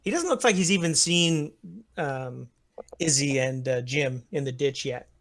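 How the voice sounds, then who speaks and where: A man's voice: mid-range voice, expressive, a little slow, fairly bright tone. A man narrating a tabletop war game as game master, describing the scene step by step with frequent chuckles. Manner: descriptive, chuckles between lines.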